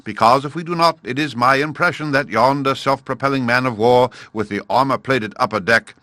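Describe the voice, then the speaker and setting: A man's voice: medium pitch, a little fast, sharp tone, dry recording, natural voice. A man voicing a pompous, long-winded python rock snake who speaks in grand formal phrases. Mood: pompous, urgent.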